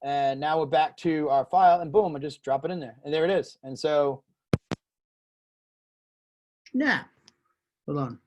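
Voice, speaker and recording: A man hosting a casual screen-share software tutorial, loose and rambling, full of fillers. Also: a little high, moderate pace, background noise.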